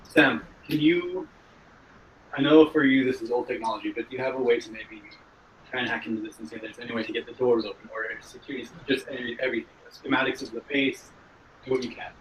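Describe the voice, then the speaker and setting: A man's voice: mid-range voice, steady tone, quick pace, a little hiss or hum. A man playing a tabletop game in character, often stammering and restarting. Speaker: player. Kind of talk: in-character role-play talk. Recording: roomy, distant mic.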